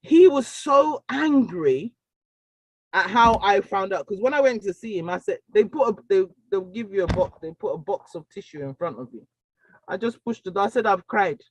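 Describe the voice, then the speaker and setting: A woman giving a personal testimony talk, telling her story with animated storytelling and acting out the dialogue. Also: mid-range voice, a little fast, no echo, poor audio. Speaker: speaker sharing a personal story.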